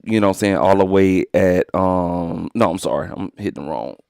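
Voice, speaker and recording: A man's voice: deep voice, normal speed, creaky, darkish tone, clear, resonant tone, dry recording. A man giving a casual, laid-back live-stream demo of an audio interface, rambling and slangy, speaking into a studio microphone. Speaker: music producer demonstrating an audio interface.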